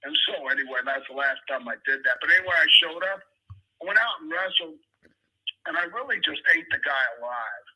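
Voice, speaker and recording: An older man speaks with a husky, sharp-edged voice as a podcast guest. He tells stories in a relaxed, chatty way and talks straight to the host. He slips into other people's voices when he quotes them. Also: on the high side, a little fast, low-quality recording. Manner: animated storyteller who acts out quoted people. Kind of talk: casual interview storytelling.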